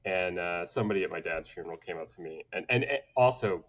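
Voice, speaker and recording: Low-voiced man telling stories casually. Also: fast talker, dull audio. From United States (grew up in Atlanta). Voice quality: relaxed, laughs often while telling stories. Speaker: podcast guest, designer. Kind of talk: casual conversational storytelling.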